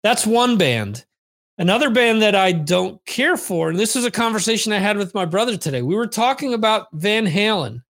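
A male podcast host rambles through his memories in a loose, unscripted monologue. His voice sits high for a man. He curses freely and often doubles back mid-sentence. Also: very animated, moderate pace, a bit bright. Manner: rambling, profane storytelling. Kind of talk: casual monologue, answering listener questions. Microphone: on camera, streamed video.

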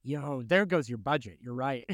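A man co-hosting a podcast in casual chat, animated and quick to laugh. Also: mid-range voice, dry recording, studio quality. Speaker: podcast co-host.

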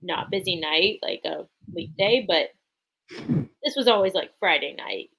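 A woman's voice: fairly low pitch, a little slow, fairly bright tone, slightly rough, rough recording. A woman co-hosting a podcast, chatting in an easygoing, matter-of-fact way. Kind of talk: casual chat.

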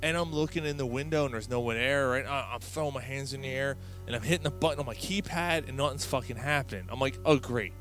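Swearing podcast host telling a story. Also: male voice, mid-range voice, fast, hardly any pauses, soft background music. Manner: profane, animated storytelling.

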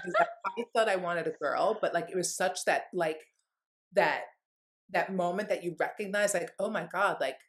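At a moderate pace, a woman with a lowish, fairly bright voice speaks as an interview guest. Heartfelt and earnest, her candid personal story drifts along with plenty of "like" fillers.

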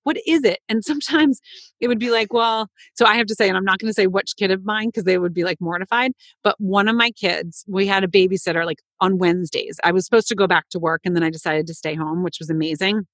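A woman's voice: mid-range voice, fast talker, dry recording. A middle-aged woman in casual chat, telling stories and acting out quotes. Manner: animated storyteller, acts out quotes.

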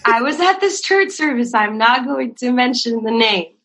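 Slight background noise and poor audio accompany a young woman with a slightly high voice speaking at a normal speed. As a guest who works in ministry, she shares humorous church anecdotes in relaxed chat. She's animated, laughs a lot, and raises her voice to act out what people said.

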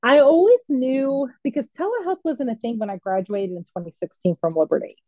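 A woman counselor in her thirties telling her story in a candid, lively, casual way, often acting out what others said. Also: high-pitched, a little fast, no room sound. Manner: lively, candid, acts out quoted voices. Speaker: licensed mental health counselor. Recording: dry, slightly dull sound.

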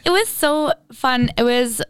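A woman's voice: sits high, unhurried, clean tone, no echo. A young woman in her twenties chatting casually as a podcast co-host, full of "like" and "literally" as she tells stories with lots of energy. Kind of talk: casual chat.

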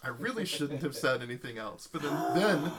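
A man's voice: on the high side, fairly quick, very noisy. A man casually telling a long anecdote in a chat, acting out the people he quotes. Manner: animated storytelling, acts out quoted voices. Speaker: storyteller in a podcast chat.

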